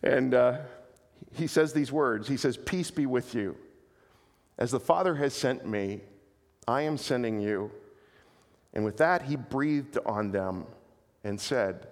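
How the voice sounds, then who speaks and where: A man preaching a sermon in an earnest, animated way, often restarting his phrases. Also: medium pitch, takes it slowly, vocal fry, long pauses, in a large hall. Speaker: pastor.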